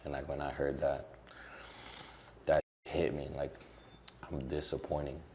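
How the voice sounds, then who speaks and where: Very deep-voiced young man, candid. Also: level tone, unhurried, a little mellow, slight background noise. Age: young adult. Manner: emotional, casual, heavy on fillers. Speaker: social media creator as guest. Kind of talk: candid interview conversation.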